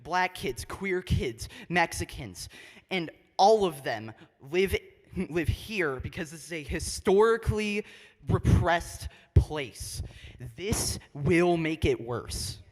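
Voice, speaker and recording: A man's voice: on the high side, lively intonation, slow. A young man giving an urgent, emphatic public comment at a community forum. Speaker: resident speaking at a public forum. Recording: reverberant hall.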